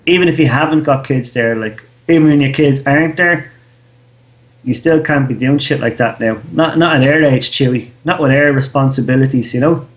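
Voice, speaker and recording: A man's voice: medium pitch, moderate pace. An Irish man in his thirties, co-hosting a podcast in casual chat, telling a loose, slangy story and swearing freely. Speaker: podcast co-host.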